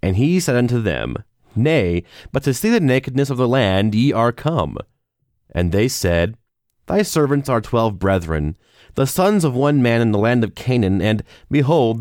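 Man reading scripture, steady and dry. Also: medium pitch, measured pace, no room sound. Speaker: scripture reader.

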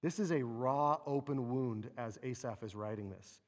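A man preaching a sermon, animated and expressive, acting out quoted laments with a rising voice. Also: mid-range voice, normal speed. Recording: long reverb of a large hall.

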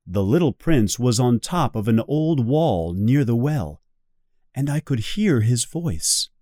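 A man reading a storybook aloud slowly and clearly for English learners. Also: medium pitch, expressive, mellow, dry recording, studio quality. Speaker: reader of a guided English reading. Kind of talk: slow storybook narration for learners.

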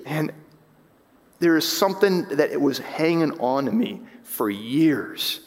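A man's voice: a little high, lively intonation, slow, big-room sound. A man preaching as pastor, impassioned, rising and falling with emphasis, often restarting his sentences. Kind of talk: sermon. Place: church sanctuary.

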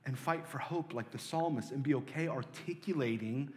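A man preaching as a pastor, earnest, moving between loud pleading lines and soft hushed ones. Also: mid-range voice, moderate pace, few pauses. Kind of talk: sermon. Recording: long hall reverb.

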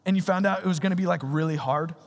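A man's voice: sits high, fast. A young man preaching a sermon in a casual, slangy, conversational way. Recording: reverberant hall.

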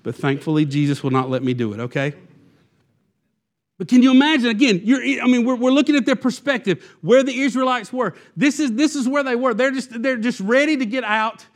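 A man preaching a sermon, animated and acting out the Israelites' complaints in quoted voices. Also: very high voice, fairly quick. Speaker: pastor.

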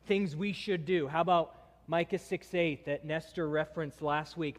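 Guy giving a sermon, bit high pitched, really punches his lists, big reverby church. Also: steady tone, normal speed. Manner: emphatic, building in intensity through lists. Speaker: preacher. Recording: long hall reverb.

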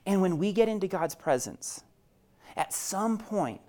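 A man preaching a sermon as pastor. He speaks conversationally to his listeners and swings from loud emphasis to a hushed near-whisper. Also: high voice, animated, measured pace.

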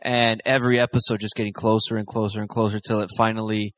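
Halting man in casual chat. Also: lowish voice, little pitch movement, fairly bright tone. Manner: halting, many restarts and fillers.

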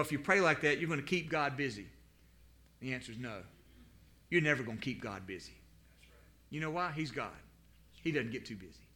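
A man preaching a sermon, swinging from loud, pleading outbursts to quiet asides and repeating words as he builds emphasis. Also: mid-range voice. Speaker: pastor.

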